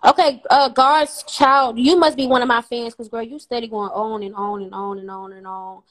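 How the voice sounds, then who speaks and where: A high-voiced woman chatting on a live stream. Her talk is brash and profane, and she brushes off her critics bluntly. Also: steady tone, normal speed, a bit bright. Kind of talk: casual live stream chat.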